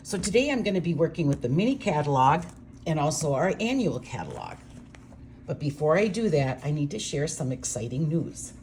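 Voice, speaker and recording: An older woman from Minnesota, chatting warmly and gushing as she demonstrates card-making. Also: deep voice, sing-song, brisk, a little hiss or hum. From Minnesota, USA. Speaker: craft demonstrator.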